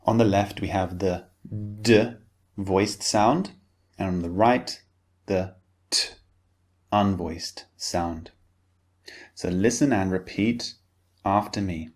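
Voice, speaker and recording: In this pronunciation lesson, a man whose voice sits low and sounds a little mellow enunciates every word with care. His slow, clear drills are meant for learners to echo back.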